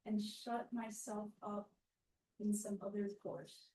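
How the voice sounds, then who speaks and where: A woman student reading a disgraced young male officer's plea aloud in class, slow and formal. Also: mid-range voice, little pitch movement, mellow, natural voice. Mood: pleading. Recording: echoey classroom, mic far off.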